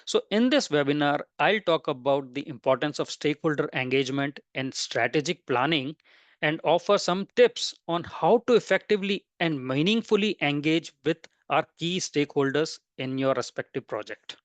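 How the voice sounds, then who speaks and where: A man's voice: fairly high pitch, animated, moderate pace, no echo. A man presenting a webinar lecture, explaining step by step and listing terms one after another.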